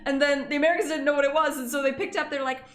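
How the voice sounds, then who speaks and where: A young Scottish woman with a Scottish accent reads a story game aloud, reacting in an animated, swearing, laughing way. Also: sits high, rapid-fire, echoey room, faint music behind. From Scotland. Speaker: gaming YouTuber.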